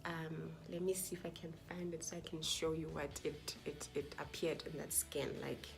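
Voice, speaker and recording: A young woman vlogger telling a personal story to camera in a casual, animated way, acting out what people said and sometimes dropping to a whisper. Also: low voice, normal speed, over music. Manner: animated, acts out quoted dialogue, drops to whispers.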